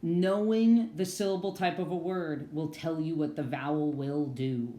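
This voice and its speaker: Low-voiced teacher in an echoey room. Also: female voice, warm tone. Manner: patient, encouraging, slows down for key terms. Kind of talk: virtual classroom phonics lesson.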